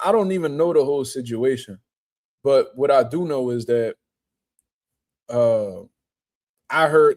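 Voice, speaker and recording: A man hosting a casual boxing talk stream, reading out chat and riffing in profane street slang with mocking impressions. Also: mid-range voice. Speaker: boxing show host.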